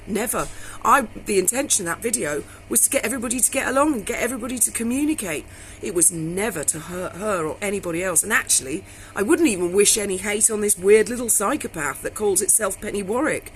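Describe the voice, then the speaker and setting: A woman's voice: medium pitch, slight background noise, poor audio. Blunt, swearing woman telling stories. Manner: blunt, swears freely, animated storyteller. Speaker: vlogger. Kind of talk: casual storytelling to camera.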